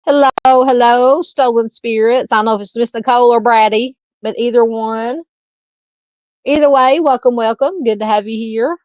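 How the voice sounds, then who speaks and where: A woman from Arkansas with a Southern Arkansas accent hosts a true crime live stream, thinking aloud haltingly as she reads and answers viewer comments. Her voice is on the high side, a little mellow, with fairly even intonation. There's no echo, but the highs are cut off.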